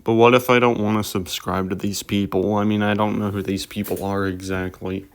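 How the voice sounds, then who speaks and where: Low smooth-voiced guy rambling through his reaction video voice-over. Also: level tone, fairly quick. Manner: rambling, offhand remarks. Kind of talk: casual commentary voice-over.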